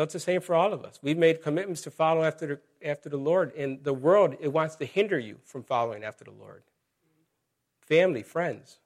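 Male pastor, middle-aged, conversational sermon with scripture reading, pitched a touch high.

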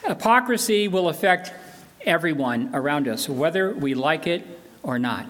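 An older man delivers a sermon from the pulpit in an earnest, emphatic way. His voice sits high for a man, and he drives his points home by repeating phrases. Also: lively intonation, moderate pace, fairly bright tone. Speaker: pastor.

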